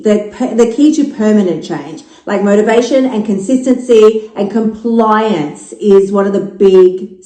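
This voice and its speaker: A medium-pitched Australian woman in her fifties delivers a casual monologue on her own podcast, candid and jokey, with lots of swearing and animated stories. It's a low-quality recording with a roomy feel.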